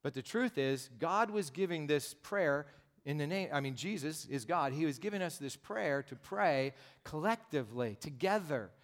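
Pastor guy, kinda high voice, chatty direct sermon, repeats stuff for emphasis. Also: expressive, moderate pace. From United States. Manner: direct, conversational preaching with emphatic repetition.

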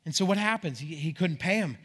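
A middle-aged male pastor preaching in an animated, conversational way, his voice sitting a little high for a man. He talks to the congregation directly, jumps between reading and explaining, and pushes his delivery up when making a point. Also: fast, breathy edge. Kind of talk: sermon.

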